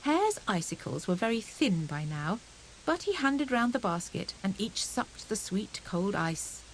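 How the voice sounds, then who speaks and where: Woman reading a kids storybook, slow and lilting, faint hiss behind. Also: medium pitch, low-quality recording. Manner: gentle, expressive storytelling. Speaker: audiobook narrator. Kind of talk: storybook narration.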